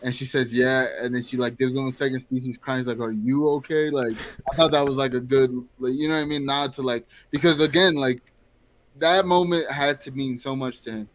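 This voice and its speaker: A man co-hosting a casual podcast, talking in a relaxed way full of fillers. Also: medium pitch, brisk. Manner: relaxed, filler-heavy, says "you know what I mean". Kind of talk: casual movie review chat.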